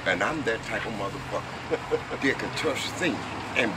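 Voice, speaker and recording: A man's voice: on the low side, expressive, moderate pace, heavy background noise. A man hosting a street comedy show, boisterous and profane, laughing at his own jokes outside a convenience store. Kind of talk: loose street comedy banter.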